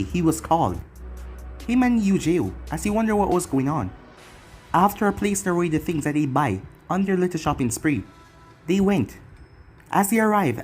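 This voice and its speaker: Fanfic narrator reading an anime story, pitch all over, soft music under it. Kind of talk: fan fiction reading.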